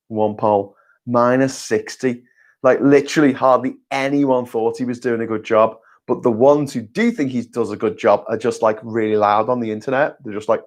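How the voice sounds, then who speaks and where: A host with a middle-range pitch runs a loose live-stream chat, reading viewer comments aloud. He rambles, corrects himself mid-sentence, and throws in sarcastic jokes and casual swearing.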